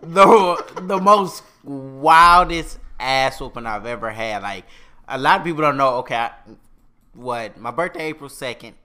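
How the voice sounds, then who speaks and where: A man with a bright, clear-toned voice tells a story in a relaxed, easygoing way. He swears casually and keeps the talk loose. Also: medium pitch, a little slow. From Houston, Texas. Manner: laid-back, profane storytelling.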